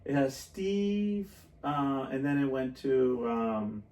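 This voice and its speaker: A man hosting a podcast, telling stories in a lively, animated way and laughing often. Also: medium pitch, takes it slowly, distant mic. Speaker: podcast host. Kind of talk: casual chat. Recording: roomy, a little off-mic.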